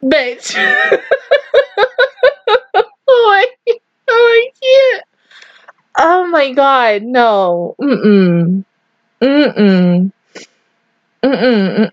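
A woman giving casual anime reaction commentary, with loud disbelieving outbursts, swearing and laughter. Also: fairly high pitch, no room sound, dull audio.

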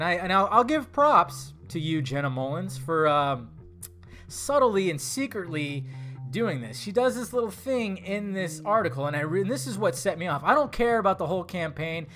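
A man's voice: high voice, a bit bright. A young man ranting sarcastically and angrily with a lot of swearing in a movie commentary vlog. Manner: angry, sarcastic, profane ranting.

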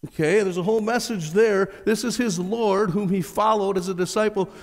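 A man with a notably high voice preaches from the pulpit and reads scripture with dramatic emphasis. He often turns to the congregation with rhetorical questions. His voice carries a long reverb from the church hall around him. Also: steady tone, a little fast, hardly any pauses. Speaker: pastor. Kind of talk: sermon. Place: church sanctuary.

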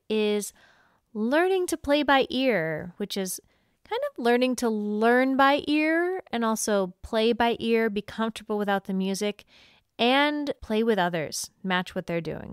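A woman's voice: medium pitch, clear, resonant tone, no room sound, studio quality. A woman teaching fiddle on a podcast in a friendly way, laughing often and singing bowing rhythms aloud. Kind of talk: instructional podcast talk.

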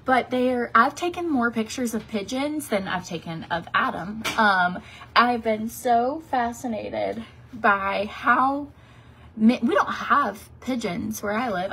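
A woman's voice: fairly high pitch, fairly bright tone, husky. A woman in her thirties from Tennessee, a beauty vlogger chatting casually during a makeup tutorial, rambling with many fillers and restarts.

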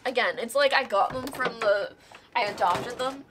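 A woman hosting a casual show-and-tell vlog, gushing and excitable with plenty of filler words. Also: a little high, moderate pace, background noise. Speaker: guest host showing board game miniatures.

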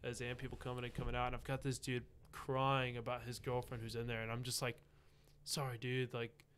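A young man hosting a podcast, telling a story in a casual, animated way, often laughing and saying "like". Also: mid-range voice, brisk, clean tone. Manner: animated, laughing, heavy use of "like". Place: podcast studio.

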